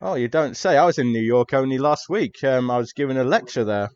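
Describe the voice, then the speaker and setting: A man's voice: medium pitch, animated, a little fast, darkish tone, clean tone, lightly acted. A jovial, hearty old-school professor, friendly and fond of a drink, as a man plays him at the gaming table. He talks in a chummy, familiar way, a little muffled.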